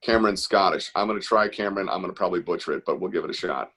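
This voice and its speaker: A man's voice: sits low, racing, a bit bright, slight background noise. A man hosting a live online art class, chatting in an upbeat, encouraging way. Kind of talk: casual live-stream teaching.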